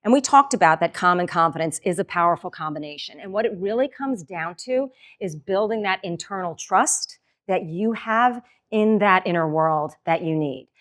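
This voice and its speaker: A middle-aged woman giving a motivational keynote talk in a lively, conversational way, acting out the lines she quotes. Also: lowish voice, moderate pace, hardly any pauses. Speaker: keynote speaker.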